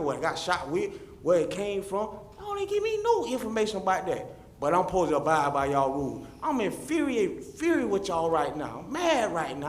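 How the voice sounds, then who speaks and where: A man's voice: high-pitched, a bit bright, a little hiss or hum. A man giving a fervent, repetitive public comment that speaks straight to the officials. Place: city meeting chamber. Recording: roomy echoey chamber.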